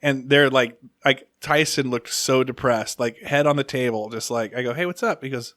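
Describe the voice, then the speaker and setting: This man hosts a podcast, chatting casually and spinning stories while voicing their characters. His medium-pitched voice is steady and a bit bright at a moderate pace, captured in studio quality with no room sound.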